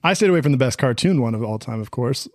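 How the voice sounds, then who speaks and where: Man, lively swinging pitch, dry close mic, animated podcast storytelling. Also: quick pace, dry recording. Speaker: podcast co-host. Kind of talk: casual chat.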